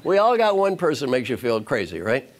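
A man's voice: medium pitch, wildly swooping pitch, a little fast. Male motivational speaker, coaxing, repeats lines, addresses crowd. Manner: repetitive, coaxing, addresses audience directly. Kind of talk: motivational talk to an audience.

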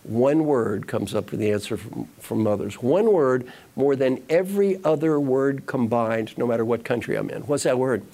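A man's voice: medium pitch, lively intonation, moderate pace, few pauses, mellow. Male motivational speaker, coaxing, repeats lines, addresses crowd. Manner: repetitive, coaxing, addresses audience directly. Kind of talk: motivational talk to an audience.

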